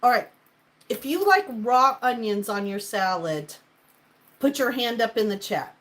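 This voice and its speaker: A woman's voice: on the high side, lively intonation, a little slow, rough recording. A woman hosting a casual live-stream cooking chat in her home kitchen, rambling as she talks to viewers and to her ingredients. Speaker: cooking livestream host.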